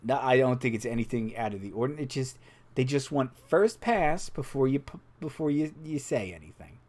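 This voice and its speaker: A man's voice: medium pitch, expressive, brisk, darkish tone, natural voice. A man voicing a nervous male messenger from a radio station, who hesitates and stammers. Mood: pleading.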